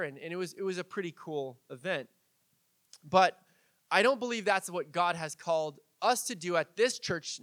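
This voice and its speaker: A man's voice: high voice, fairly bright tone, dry recording. A man preaching as a pastor in a casual, chatty way, with fillers and light laughs. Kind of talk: conversational sermon.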